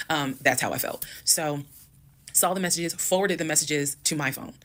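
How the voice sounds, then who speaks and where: A woman telling a personal story to her followers in a calm, measured way with blunt language. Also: low-pitched. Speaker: storytime creator.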